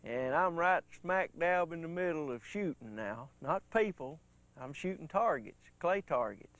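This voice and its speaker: A man with a thick West Tennessee drawl, telling homespun jokes and stories on stage with a deadpan delivery. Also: on the high side, measured pace. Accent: West Tennessee Southern drawl. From Gleason, Tennessee. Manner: homespun, deadpan one-liners. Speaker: banjo player and comedian. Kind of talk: folksy stand-up storytelling on stage. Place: concert stage.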